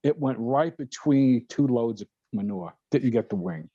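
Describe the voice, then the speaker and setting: An older man and guest pilot, telling a story in casual talk, animated and laughing often as he acts out other people's voices. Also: mid-range voice, a little slow, husky, dry recording. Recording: dull lo-fi sound.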